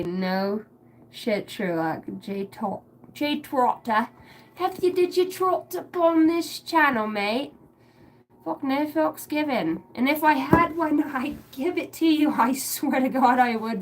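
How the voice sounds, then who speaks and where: A woman's voice: a little high, a bit bright, poor audio. A woman rambling crudely on her live stream, swearing often and laughing as she talks. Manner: crude, giggly, swears a lot. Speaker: livestream host.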